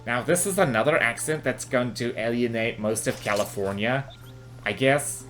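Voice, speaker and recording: A man's voice: medium pitch, moderate pace, a bit bright. Kiwi guy rambling over a game, jokey asides, faint music underneath. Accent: New Zealand. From New Zealand. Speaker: gaming commentator. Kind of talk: casual gameplay commentary.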